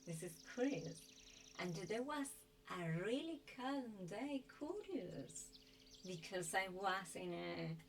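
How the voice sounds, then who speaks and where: A woman hosting a sound healing stream, chatting casually in halting, non-native English. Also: medium pitch, sing-song. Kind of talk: casual live-stream chat. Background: singing bowls and chimes.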